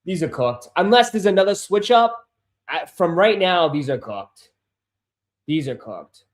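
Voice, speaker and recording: A man hosting a casual sneaker livestream who swears, gets easily frustrated and calls his viewers bro and dude, turning loud and insistent when he makes a point. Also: high voice, sing-song, unhurried. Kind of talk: casual live-stream chat. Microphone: desk microphone.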